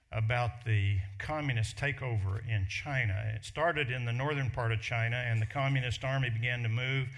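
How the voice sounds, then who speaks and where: A man preaching a sermon, with emphatic delivery that slows and lifts on key phrases. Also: mid-range voice, fairly bright tone. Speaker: pastor.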